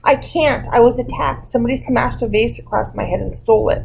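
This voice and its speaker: A woman's voice: on the high side, fairly quick, creaky, darkish tone, slightly rough, voice pushed up, exaggerated voice, rough recording. A woman voicing a guilty young man who speaks in a panicked, apologetic way.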